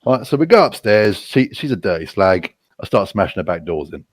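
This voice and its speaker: Low-voiced crude British storyteller man. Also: sing-song, a little fast, no echo. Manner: crude, profane, laughing at his own stories. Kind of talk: casual anecdote telling.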